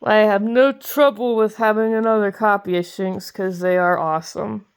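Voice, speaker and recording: Talking at normal speed, this young woman has a mid-range, clean voice with fairly even intonation. She hosts a card-collecting video, chatting casually as she opens packs and giggles and gushes over the cards she likes.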